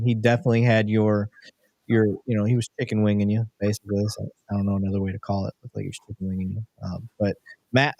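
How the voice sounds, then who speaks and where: A man's voice: lowish voice, a little mellow. A man who is a police detective, chatting as a guest on a livestream. His friendly, plain-spoken advice comes through with a dry, close sound and no room echo. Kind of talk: casual livestream chat.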